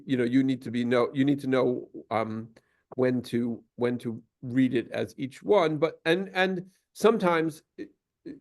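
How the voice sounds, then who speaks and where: A man's voice: medium pitch, darkish tone. A man teaching a class, explaining at length with many fillers and restarts and taking questions.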